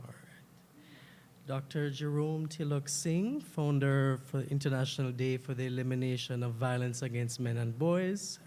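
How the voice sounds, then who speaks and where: A young man from Jamaica, a diplomat, giving a formal prepared speech at a podium in a measured way. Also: mid-range voice, a little mellow, a little hiss or hum. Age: young adult.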